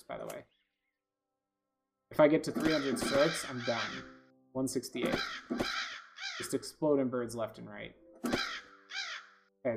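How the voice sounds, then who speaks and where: A man's voice: medium pitch, vocal fry. A man giving casual gameplay commentary, rambling with lots of fillers and restarts, often frustrated. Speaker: gaming video host.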